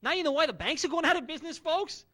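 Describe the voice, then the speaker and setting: A man's voice: extremely high pitch, expressive, fast, sharp tone. A man around forty performing a stand-up comedy routine with brash, punchy one-liners and no audience.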